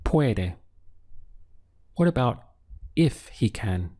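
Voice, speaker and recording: A man teaching a language lesson, calmly prompting the listener and pausing for their answers. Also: lowish voice. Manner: slow, patient prompting with pauses for answers. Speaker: Spanish teacher.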